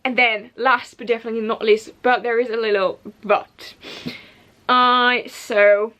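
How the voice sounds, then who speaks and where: A woman's voice: fairly high pitch, level tone, a little slow, sharp tone. A young woman chatting to camera at home about books she bought, scattered and rambling, with asides and restarts. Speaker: book vlogger. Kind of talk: casual chat to camera.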